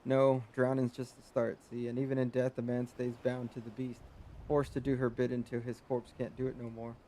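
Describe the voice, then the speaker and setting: A man voicing a grizzled, superstitious old male sailor in a video game, with a rough seafaring dialect and dramatic storytelling. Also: medium pitch, monotone, brisk, mellow, slight background noise, lightly acted, low-quality recording. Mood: grumbling.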